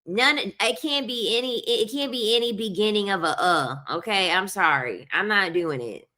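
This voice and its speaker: A woman's voice: mid-range voice, moderate pace, bright, forceful tone. A woman ranting bluntly to her viewers, swearing freely and repeatedly saying she is sorry. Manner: blunt, profane, keeps saying "I'm sorry". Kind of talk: casual opinionated rant to viewers.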